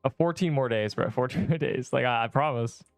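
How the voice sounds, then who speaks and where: A man's voice: mid-range voice, fairly quick, creaky, no room sound, soft background music. A man streaming a game, chatting casually and rambling in exasperated banter with his viewers, full of slang. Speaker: gaming streamer. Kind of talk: casual livestream chatter while playing.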